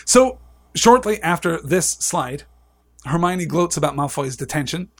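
A man's voice: a little high, very animated, measured pace, a bit bright. A man presenting a live-streamed book discussion, reading passages aloud and adding wry, chatty asides.

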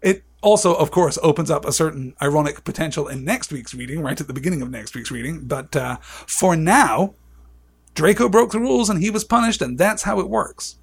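A man's voice: fairly high pitch, lively intonation, brisk, creaky, breathy edge. A man presenting a live-streamed book discussion, reading passages aloud and adding wry, chatty asides.

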